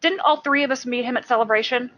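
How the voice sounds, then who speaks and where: A woman's voice: a little high, fast, a bit bright, muffled recording. A woman co-hosting a fan podcast in casual chat, earnest and repeating herself for emphasis. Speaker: podcast co-host.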